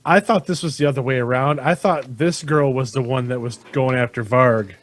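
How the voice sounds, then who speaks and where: A man's voice: medium pitch, moderate pace, very noisy. A man playing a tabletop game, chatty and explaining himself. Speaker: player. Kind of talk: casual tabletop play.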